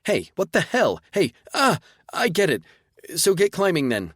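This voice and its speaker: A man doing a shrill, whiny goblin woman. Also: huge pitch swings, unhurried, a bit bright, dry recording, clean studio sound, full character voice. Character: panicky young goblin woman fighter.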